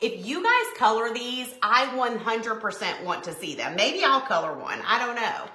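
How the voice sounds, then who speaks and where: A woman's voice: fairly high pitch, very animated, moderate pace, sharp tone. A woman hosting a casual live stream, chatty and gushing, calling her viewers y'all. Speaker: livestream host showing craft printables. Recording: roomy echo.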